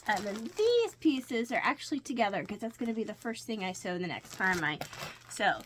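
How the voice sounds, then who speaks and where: A woman's voice: mid-range voice, sing-song, moderate pace, slight background noise. A woman casually narrating her week's quilting and sewing projects, walking through each piece step by step. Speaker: crafting vlogger. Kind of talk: casual show-and-tell narration.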